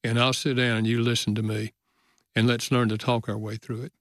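An older man, a guest author, telling a personal story in an interview in an earnest way that slows down for emotional moments. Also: mid-range voice, little pitch movement, fairly bright tone, no room sound, studio quality.

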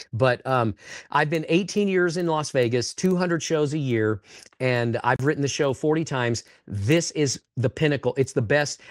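A man's voice: mid-range voice, no echo, clean studio sound. A man, a ventriloquist, talking earnestly over a video call, rambling and restarting his phrases. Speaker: ventriloquist and performer. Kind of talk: casual interview chat.

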